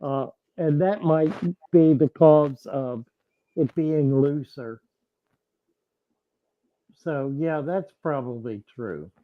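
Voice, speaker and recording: A man hosting a casual livestream chat with viewers, thinking aloud in a halting way with frequent restarts. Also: on the high side, narrow, tinny audio. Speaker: host answering viewers.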